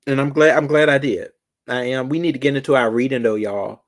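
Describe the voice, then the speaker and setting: A man talks straight to his viewers in a loose, sassy vlog rant. His delivery is dramatic, stretching words out for emphasis. His voice sits in an ordinary middle pitch. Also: fairly quick. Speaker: vlogger. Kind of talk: casual commentary to viewers.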